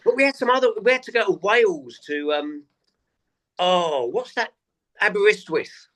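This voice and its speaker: A man, a stand-up comedian, telling tour anecdotes in a relaxed interview and acting out the people he quotes. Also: sits high, normal speed. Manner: animated anecdotes, acts out quoted voices. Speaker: comedian guest. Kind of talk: casual interview storytelling.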